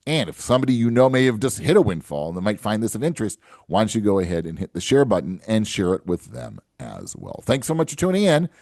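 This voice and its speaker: A man's voice: fairly low pitch, very animated, fast talker, gravelly, few pauses, a little mellow, dry recording, studio quality. A man hosting his own finance show, giving earnest advice to listeners and often checking in with "right?" and "okay?". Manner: earnest and coaching, tags lines with "right?" and "okay?". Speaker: financial advisor and show host. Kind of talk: solo podcast talk to camera.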